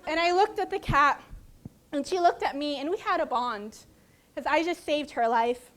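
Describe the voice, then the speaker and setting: A woman from Arizona giving an animated, humorous tall-tale speech in a contest, often laughing. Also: sits high, normal speed. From Arizona, USA.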